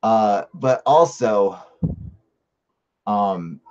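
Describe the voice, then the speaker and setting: Reading viewer chat on a live stream, a man with a fairly low voice talks very slowly and expressively, rambling at length. He swears freely and hammers his points home while answering comments, and the audio is muffled and lo-fi.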